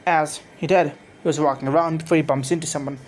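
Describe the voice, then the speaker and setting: A man's voice: fairly high pitch, steady tone, fast, slight background noise, low-quality recording. A man casually reading aloud his own fan-made story, rambling with frequent restarts and self-corrections. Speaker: fan fiction narrator. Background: music.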